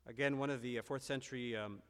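A man of middle pitch preaches a sermon in a earnest, reflective way. He often pauses and restarts his sentences. His voice rings with a long echo in a large hall. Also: fairly even intonation. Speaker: priest.

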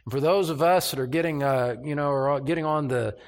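An older man preaching an expository sermon, slow and deliberate, with emphatic rises on key phrases. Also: fairly high pitch.

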